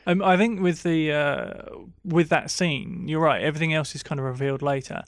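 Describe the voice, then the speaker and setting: A man in casual film discussion, agreeable and hesitant, often pausing with fillers. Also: fairly high pitch, steady tone, dry recording. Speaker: film podcast co-host.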